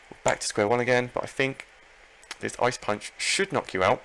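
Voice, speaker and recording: A man commenting live on his own Pokémon battle, excitable, talking to himself and his opponent and repeating phrases. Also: on the low side, moderate pace, background noise. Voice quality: gravelly.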